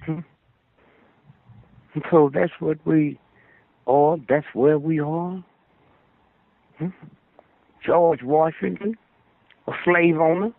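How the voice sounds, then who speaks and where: Here an older male guest rambles through sermon-like stories on a phone-line radio call, pausing to ask "Hmm?" for his listener's agreement. The voice is a little high and creaky, steady in tone, slow, with long pauses, and the recording is dry.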